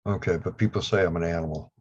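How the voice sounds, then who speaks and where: A man's voice: sits low, steady tone, fast talker, breathy edge. A man with a Down East Maine accent, a guest on a video call interview, talking in a rambling, blunt way with dry humor. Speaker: guest, lapidary equipment maker. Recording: dull lo-fi video call audio.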